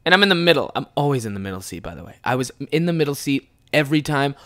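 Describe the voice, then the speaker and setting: A man's voice: mid-range voice, sing-song, racing, hardly any pauses, pushed and bright. A young man from Ontario, a podcast host, telling rambling, profane stories in a casual way and laughing often. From Ontario, Canada. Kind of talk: casual storytelling.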